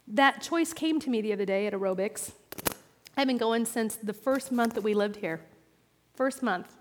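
Woman pastor, lively self-deprecating sermon delivery, reverberant hall sound. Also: on the high side, normal speed, slight background noise. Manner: personal and animated, with self-deprecating humor.

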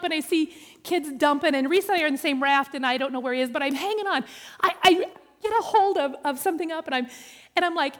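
High-voiced woman telling a lively story. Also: fast talker. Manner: animated and playful, jumps into quoted voices. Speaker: speaker telling a story to an audience. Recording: long hall reverb.

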